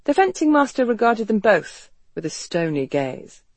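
Measured audiobook narrator, dry sound. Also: mid-range voice, sing-song, dry recording. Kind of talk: scripted narration.

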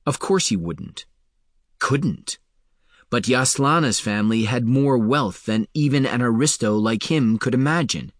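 A man narrating a fantasy novel in a steady, even storytelling voice. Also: mid-range voice, a little slow, dry recording, studio quality. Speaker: audiobook narrator. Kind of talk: scripted narration.

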